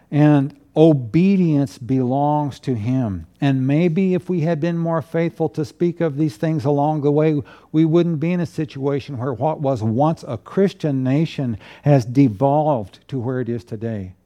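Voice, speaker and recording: A man, a pastor preaching a sermon from the pulpit in an earnest, measured way with emphatic declarations. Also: on the high side, dark tone. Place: church pulpit.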